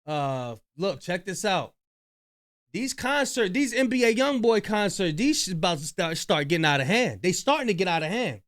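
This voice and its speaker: A man's voice: high voice, sing-song, normal speed, a bit bright. A man hosting a reaction video, chatting loosely with slang and profanity about clips he plays. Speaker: reaction channel host. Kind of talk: casual commentary on clips.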